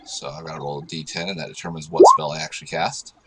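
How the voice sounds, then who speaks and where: A man playing a tabletop game, explaining his moves step by step with frequent pauses. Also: very deep voice, fairly bright tone, a little hiss or hum, low-quality recording. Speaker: player. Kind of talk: casual game talk.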